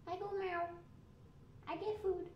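A woman's voice: extremely high pitch, little pitch movement, unhurried, roomy sound, distant mic, highs cut off, a little hiss or hum, voice pushed up. A woman voicing her hungry little pet cat in cutesy baby talk with broken grammar.

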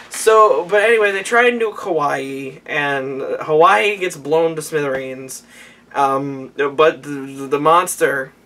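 A man's voice: fairly high pitch, bright, forceful tone, far from the mic. Tipsy young man rambling off-mic. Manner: rambling, stammering restarts. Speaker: vlogger recapping an anime. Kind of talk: rambling casual recap. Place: small warm room indoors.

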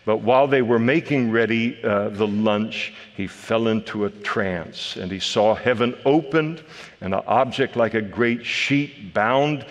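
A man's voice: on the low side, a little slow. A male pastor teaching a verse-by-verse sermon in a conversational way, with frequent fillers and restarts. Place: church sanctuary. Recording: church hall with long reverb.

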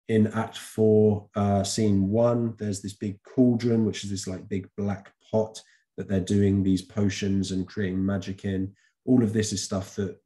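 A man with a low, mellow voice walks students through a revision lesson. He talks casually to the camera and often stops to correct himself or fill a pause with an um. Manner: chatty, with frequent ums and self-corrections. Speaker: teacher. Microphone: camera recording.

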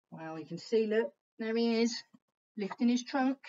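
Teacher lady reading a kids picture book out loud, slow and expressive, kinda muffled lo-fi sound. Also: on the high side, a little hiss or hum. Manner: expressive storytelling, pointing out pictures. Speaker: primary school teacher reading aloud. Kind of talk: picture book read-aloud for children.

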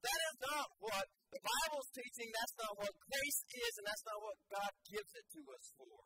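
A man's voice: very high voice, big pitch swings, moderate pace. A pastor preaching a sermon in a church, emphatic and repetitive as he drives points home. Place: church sanctuary. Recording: sermon recording with background noise.

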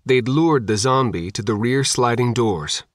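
Man reading an audiobook, mid-pitched, dry close sound, measured. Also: no room sound. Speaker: audiobook narrator. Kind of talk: scripted audiobook narration.

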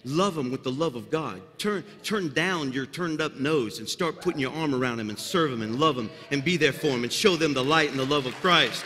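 A bright, higher-pitched man preaches in a sanctuary with long reverb, swinging from folksy asides to fervent, loud climaxes. A slight Southern drawl slips into his words now and then. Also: fairly quick, hardly any pauses, a little hiss or hum. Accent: Southern US drawl slipping in. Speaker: senior pastor. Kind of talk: sermon. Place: large church sanctuary.

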